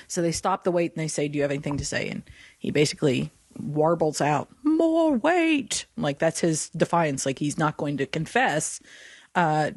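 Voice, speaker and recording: A woman co-hosting a Christian podcast, talking in an animated way and laughing often. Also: deep voice, no echo, studio quality. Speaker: podcast co-host.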